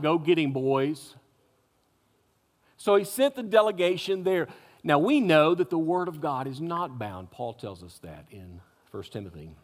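A man's voice: a little high, fairly bright tone. A man preaching a sermon, retelling a scripture story dramatically with wry humorous asides. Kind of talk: expository sermon. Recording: echoey hall.

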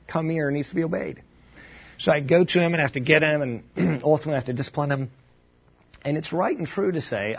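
A man with a slightly husky voice teaches from the Bible in a relaxed, conversational way. He thinks aloud and circles back with asides and restarts. The recording sounds dull and muffled. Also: mid-range voice. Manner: thoughtful, informal, with asides and restarts.

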